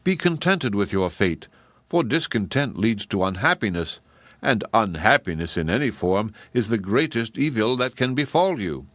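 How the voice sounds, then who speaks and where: A man's voice: lowish voice, very animated, a bit bright, no room sound. A man putting on a scornful cruel giantess. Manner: slow, mocking and menacing.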